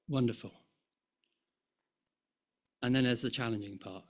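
A man with a medium-pitched voice preaches a sermon, slow and rhythmic, full of passion. His delivery swells in force and then sinks to almost a hush.

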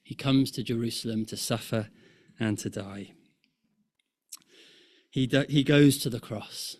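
A man preaching a sermon, rhythmic and impassioned, rising in force and falling to a hush. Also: medium pitch. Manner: slow, rhythmic, swelling and dropping to near-hush.

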